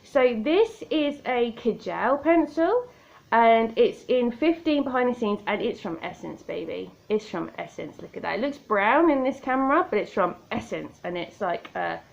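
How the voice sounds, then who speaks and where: Filming a makeup tutorial on a tablet camera in a room by a window, this vlogger chats to the viewer with self-deprecating humor. Her fairly high voice is expressive and a bit creaky, moving at a moderate pace, and the audio has its highs cut off.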